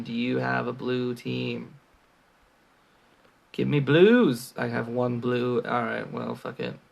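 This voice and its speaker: Gravelly, animated gaming commentator. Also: male voice, mid-range voice. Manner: chatty, thinks aloud, frequent ums and sighs. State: hiccuping. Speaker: gaming channel host. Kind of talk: casual gameplay commentary.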